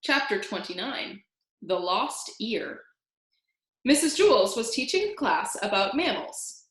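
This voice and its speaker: Animated woman reading a children's story. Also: a little high, unhurried. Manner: animated, sings out sound effects. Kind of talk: read-aloud storytelling. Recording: roomy echo.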